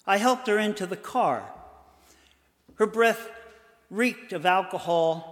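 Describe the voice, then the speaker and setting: Brief: older man from Boston, storyteller, slow and measured, in a long hall reverb. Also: sits high, animated, fairly bright tone. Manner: measured, dramatic pauses. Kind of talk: told personal story.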